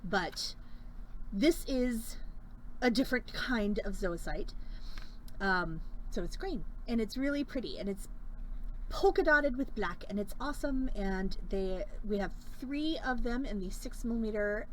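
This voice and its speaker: A woman's voice: on the high side, lively intonation, unhurried, slight background noise, poor audio. A woman in her forties hosting a live-stream bead sale, chatting casually, rambling into stories and laughing often.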